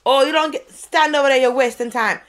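A woman's voice: sits high, a little fast, a bit bright, voice pushed up. A woman putting on the voice of a curt restaurant counter worker. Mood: impatient. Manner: curt, impatient, ordering people around. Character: brusque woman running a Jamaican restaurant counter.

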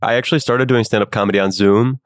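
A man's voice: lowish voice, fairly even intonation, quick pace, no echo, clean studio sound. A young man in his twenties, a comedian and guest, talking casually in a rambling, self-deprecating way with many fillers. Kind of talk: casual interview talk.

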